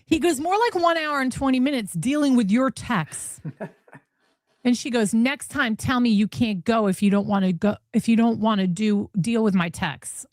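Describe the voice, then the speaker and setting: A woman's voice: on the high side, normal speed, darkish tone, no room sound, clean studio sound. A woman host reading text messages aloud and reacting with disbelief and laughter. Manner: incredulous, laughing. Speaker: commentary host. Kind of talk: reading texts aloud with commentary.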